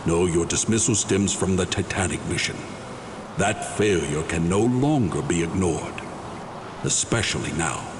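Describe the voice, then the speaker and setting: Deep stern spy boss, officious, noisy game sound. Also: male voice, a little slow. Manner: formal, clipped, officious. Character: stern British secret service superior. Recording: reverberant noisy game audio.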